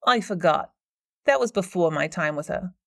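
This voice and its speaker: A woman's voice: on the low side, lively intonation, moderate pace, vocal fry, no room sound. A woman narrator voicing a smug, pushy female paranormal investigator with a smarmy, know-it-all manner, in a dry, close recording.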